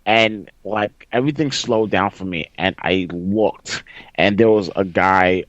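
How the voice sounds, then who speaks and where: Male podcast host, lower register, animated storyteller; dry, slightly muffled recording. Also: unhurried, dry recording. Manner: excitable storyteller, reenacts with loud outbursts. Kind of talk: casual gaming story chat. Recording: dry, slightly dull sound.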